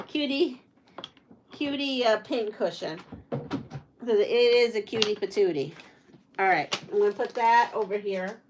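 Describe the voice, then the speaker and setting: A middle-aged woman hosting a quilting channel, chatting casually at home while sewing and reading viewer comments aloud. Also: mid-range voice.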